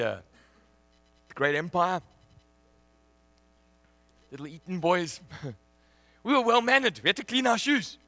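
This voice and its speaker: A man preaching a sermon, telling a personal story in an animated way and laughing often. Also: a little high, no room sound.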